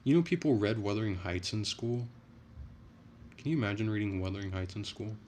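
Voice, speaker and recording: A man's voice: lowish voice, fairly quick, darkish tone, a little hiss or hum. A young man hosting a casual livestream from home on his phone, chatty and profane, ranting and answering his viewers. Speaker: livestream host. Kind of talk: casual livestream chat reading comments.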